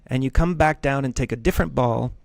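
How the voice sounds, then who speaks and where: A man's voice: mid-range voice, quick pace, creaky, no room sound. A man teaching music theory in a loose, conversational lecture with jokey asides. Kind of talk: casual lecture.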